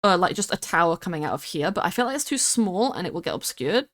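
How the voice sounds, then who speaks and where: A woman's voice: lowish voice, big pitch swings, quick pace. Giggly rambling young British woman. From United Kingdom. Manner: rambling, giggly, swears casually. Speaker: streamer. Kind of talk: casual chat while building in a game.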